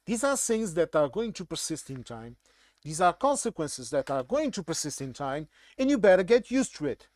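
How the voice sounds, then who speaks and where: A man's voice: fairly high pitch, sing-song, moderate pace, darkish tone, no room sound. Blunt man with a Portuguese accent. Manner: blunt, irritated, emphatic. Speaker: commentator. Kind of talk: casual monologue commentary.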